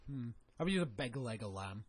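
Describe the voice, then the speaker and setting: A man's voice: medium pitch, expressive, fairly quick, slightly rough. A man co-hosting a wrestling podcast, joking, swearing and laughing often in casual banter.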